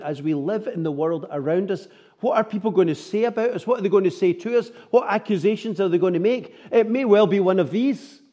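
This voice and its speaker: A man's voice: high-pitched, dark tone. A man preaching a sermon, earnest and full of rhetorical tag questions.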